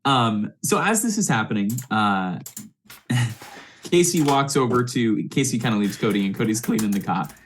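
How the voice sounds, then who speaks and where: A man's voice: fairly low pitch, lively intonation, normal speed, a little hiss or hum. A man narrating as game master of a tabletop game, laid-back, with many fillers and restarts.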